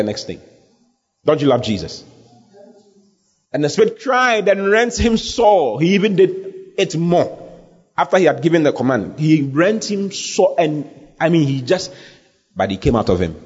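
A male pastor preaches, his pitch swinging up and down as he presses his points and repeats key phrases. His voice has a husky grain. The sound is muffled and lo-fi, with a long hall echo behind every line. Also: darkish tone. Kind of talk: sermon.

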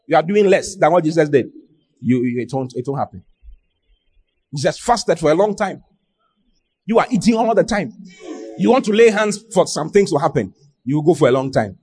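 A man's voice: high-pitched, a little mellow, husky. A man preaching a sermon, emphatic, repeating phrases and firing rhetorical questions at the congregation. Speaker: pastor.

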